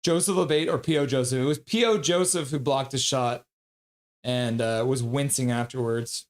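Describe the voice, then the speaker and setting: A man streaming live play-by-play of a hockey game, calling the action quickly and reading viewer comments between plays. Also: medium pitch. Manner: rapid play-by-play, bursts into loud excited voices when reading chat.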